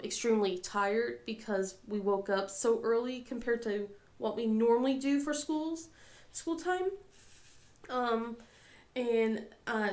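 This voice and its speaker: Woman with a cold, scratchy throat, rambling casual chat, fairly high voice, echoey room. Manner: rambling, many ums, frequent laughs. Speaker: crafting vlogger and mother.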